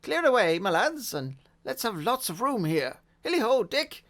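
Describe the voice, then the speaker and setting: Jolly fat old merchant yelling orders done by a guy, high and loud, gravelly. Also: big pitch swings, normal speed, exaggerated voice. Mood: jovial. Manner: booming, hearty calls. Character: jolly stout old male merchant, boisterous.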